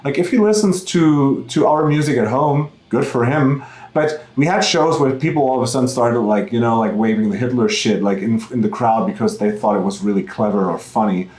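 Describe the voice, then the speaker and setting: A man's voice: medium pitch, brisk, reverberant, rough recording. A German man, a musician and podcast guest, telling stories candidly in casual talk with lots of fillers. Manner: candid, animated storytelling with many fillers. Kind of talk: casual conversation. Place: in person at a music festival.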